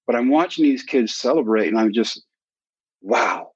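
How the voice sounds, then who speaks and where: A man's voice: medium pitch, brisk, husky, dry recording. A man around sixty, a guest in a sit-down conversation, telling a personal story with animation and acting out the dialogue. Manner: animated storyteller who acts out quoted dialogue. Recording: dry, slightly dull recording.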